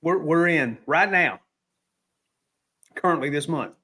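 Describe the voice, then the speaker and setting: A man's voice: on the high side, takes it slowly, sharp tone. A man co-hosting a podcast in a laid-back, dryly joking way. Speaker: podcast co-host. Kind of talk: casual chat.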